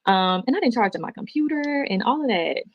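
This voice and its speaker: Woman, emotional livestream monologue, rapid delivery, dull dry replayed audio. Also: a little high, expressive, dry recording. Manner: chatty, heartfelt, rambling.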